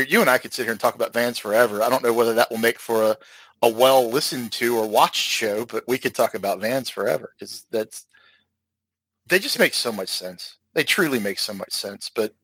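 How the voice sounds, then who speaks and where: A man's voice: medium pitch, sharp tone, no room sound. A man hosting a casual car chat, asking eager questions and chiming in enthusiastically.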